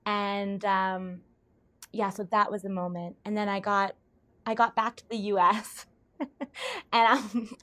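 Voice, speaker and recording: Woman guest, lively storyteller who laughs a lot and acts out what people said. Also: mid-range voice, takes it slowly, pauses often. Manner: animated storyteller, laughs often, acts out quoted voices. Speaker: podcast guest, intuitive guide. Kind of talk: storytelling in conversation.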